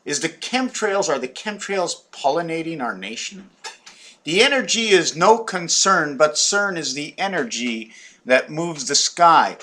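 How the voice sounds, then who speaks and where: Lively bright-voiced man rambling comically. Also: fairly high pitch, measured pace. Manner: rambling, jumps between topics with wordplay; repeats words and restarts.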